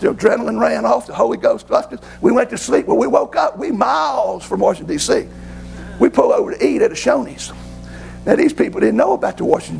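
A man, a pastor preaching a sermon through folksy, excitable personal stories. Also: high-pitched, gravelly, slight background noise, rough recording. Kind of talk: sermon storytelling.

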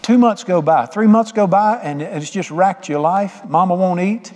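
A middle-aged man preaching in a fairly high voice, with a folksy storytelling manner and frequent questions to his listeners. The sound carries a long reverb, as in a big church hall. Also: moderate pace, darkish tone. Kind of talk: sermon.

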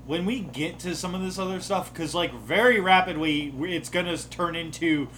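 A man's voice: sits high, normal speed, fairly bright tone, a little hiss or hum. A man who ran the campaign as game master, chatting casually on a podcast, often breaking off mid-sentence and swearing offhandedly. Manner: rambling, self-interrupting, swears casually. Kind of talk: casual chat.

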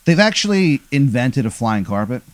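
Improvising a story, a man rambles casually, restarting and filling gaps, and performs quoted lines in character voices. He's a host at normal speed, with a medium pitch that swings widely, and there's no room sound.

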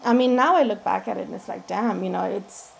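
A woman's voice: mid-range voice, a little fast, vocal fry, a little hiss or hum, rough recording. A woman, an interview guest, candidly telling her own story and often quoting what people said. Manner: candid, frank, often quotes people in conversation. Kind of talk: personal storytelling.

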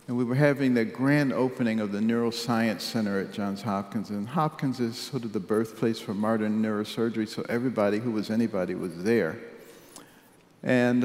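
Wry older man in an echoey hall. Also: mid-range voice. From Detroit, United States. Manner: measured, wry, drops softly at serious moments. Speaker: speaker telling his life story. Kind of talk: personal storytelling speech. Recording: echoey hall with long reverb.

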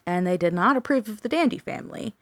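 A woman's voice: mid-range voice, animated, fast, no echo, clean studio sound. A woman co-hosting a podcast, telling a paranormal story in casual chat with fillers and the odd swear word.

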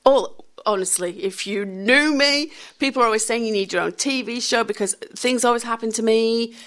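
A woman, telling candid, animated stories as a radio interview guest and laughing often. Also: on the high side, normal speed. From England. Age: 50s. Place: radio studio.

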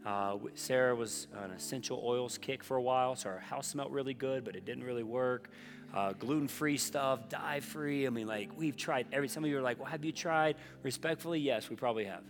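Earnest pastor preaching in a hall. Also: male voice, fairly quick. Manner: earnest, conversational, often dropping soft and low. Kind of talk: sermon. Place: church auditorium. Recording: long reverb of a large hall with faint music.

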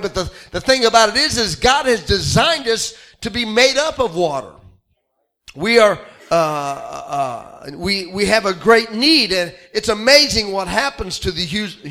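A middle-aged man preaches in a high, bright voice. He talks in a folksy, conversational way, with lots of "uh" and restarts. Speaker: pastor. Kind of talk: sermon.

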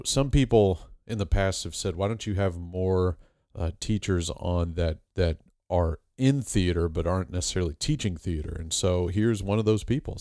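A man's voice: low voice, dark tone, dry recording, studio quality. A man hosting a podcast, introducing his guest in a rambling, joking way with lots of fillers and restarts. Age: adult with a master's degree. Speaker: podcast host. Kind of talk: casual podcast monologue.

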